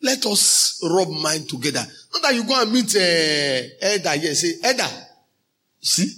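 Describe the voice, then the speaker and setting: A male pastor with a Nigerian accent preaching a sermon, slipping into pidgin phrases and breaking into shouted emphasis. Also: a little high, sing-song, normal speed, slight background noise.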